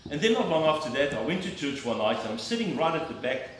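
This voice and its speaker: A middle-aged man tells his testimony in an earnest, emphatic storytelling way, his voice sitting a little higher than usual. He is picked up from some distance in a strongly echoing church hall, with a faint hiss of room noise underneath. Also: sing-song, fast. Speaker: lay preacher giving testimony. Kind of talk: personal testimony from the pulpit.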